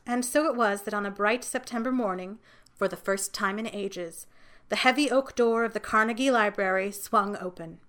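A woman narrating a fantasy story in a gentle, measured storytelling voice. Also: mid-range voice. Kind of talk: audiobook fiction reading.

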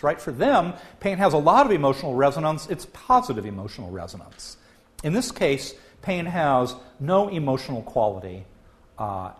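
A man giving a public science lecture as a professor, talking in an animated way with frequent filler "uh". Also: fairly high pitch. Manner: lively, animated delivery, acts out quoted voices.

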